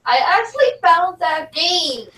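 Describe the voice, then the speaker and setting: A woman with a fairly high voice chiming in briefly during an online chat. She sits well back from her mic, and the sound is roomy and echoey. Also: very animated, takes it slowly, bright, forceful tone, recorded from a distance. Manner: brief, short replies. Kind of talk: casual podcast chat.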